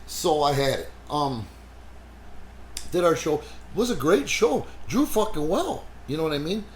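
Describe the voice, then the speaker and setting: Brash man, podcast host, swears freely, lively storyteller, slight noise under the voice. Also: on the high side, unhurried. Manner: animated, swears heavily, frequent "you know". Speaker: wrestling promoter and podcast host. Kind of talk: casual profane podcast storytelling.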